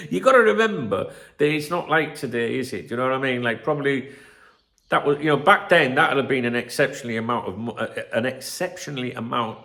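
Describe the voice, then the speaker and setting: A man's voice: mid-range voice, brisk, gravelly, a bit bright. A man in his fifties hosting a football channel, talking casually to camera in a rambling, chatty way, full of asides and the odd swear word. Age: 50s. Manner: rambling, chatty, peppered with "you know what I mean" and swearing.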